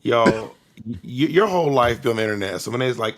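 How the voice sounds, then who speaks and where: A man's voice: medium pitch, fast talker, a bit bright. A man co-hosting a podcast in casual chat, playful and teasing, rambling a little as he talks. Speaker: podcast co-host.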